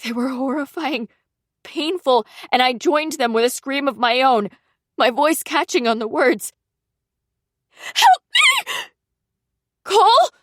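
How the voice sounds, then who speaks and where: A woman narrating a suspense audiobook in the first person, with a measured, tense reading. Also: sits high, no room sound, clean studio sound.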